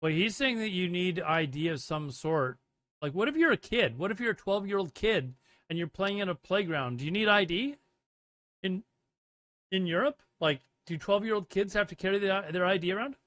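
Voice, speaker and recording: A man's voice: high-pitched, lively intonation, normal speed, a bit bright, no room sound. Rambling male streamer, dry close sound. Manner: rambling, reads chat aloud and answers it. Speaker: livestream host. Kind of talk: casual live commentary.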